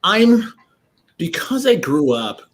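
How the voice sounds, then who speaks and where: Over a video call, a man appears as an actor guest in a casual interview, telling rambling, chatty stories and laughing often. His voice is medium-pitched and a little slow.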